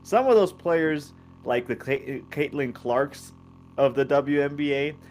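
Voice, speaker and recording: A man co-hosting a sports podcast, arguing his view in a measured, hesitant way. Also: fairly high pitch, darkish tone, soft background music. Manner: measured, hesitant, reasoning aloud. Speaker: podcast co-host. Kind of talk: casual sports debate.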